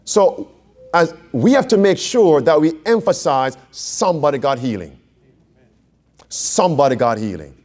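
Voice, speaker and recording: A man delivers an interactive Bible study sermon, quizzing his listeners and repeating key phrases for weight. His pitch sits a little high and moves in wide, lively swoops. He speaks slowly and deliberately. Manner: questions the audience, repeats phrases for emphasis. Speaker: preacher teaching a Bible class.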